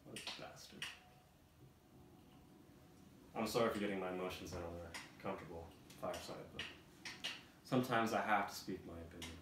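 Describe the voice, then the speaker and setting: A man reads a storybook aloud with a mock-solemn, deadpan delivery. His voice sits low. He is heard from a distance in a roomy space with steady noise behind him. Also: quick pace. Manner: deadpan, mock-emotional asides. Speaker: host. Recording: roomy, distant, noisy room.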